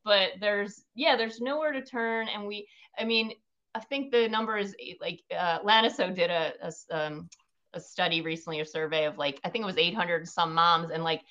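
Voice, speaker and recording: Bright-voiced woman, emphatic podcast guest. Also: lowish voice, moderate pace. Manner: emphatic, animated, swears casually. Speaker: guest, postpartum mindset coach. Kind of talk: casual podcast interview. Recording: slightly dull lo-fi sound with faint noise.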